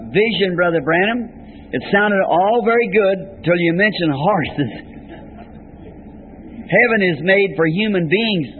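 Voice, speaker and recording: A man preaching a sermon, telling of a vision in an earnest, folksy way with plain rural grammar. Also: high voice. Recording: tinny lo-fi archival tape with faint hiss.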